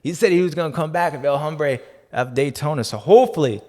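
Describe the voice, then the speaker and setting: Playful, slangy man hosting in an echoey room. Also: brisk. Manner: playful, jokey, slangy, swings between loud bursts and low asides. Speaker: podcast host. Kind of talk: casual race recap chat.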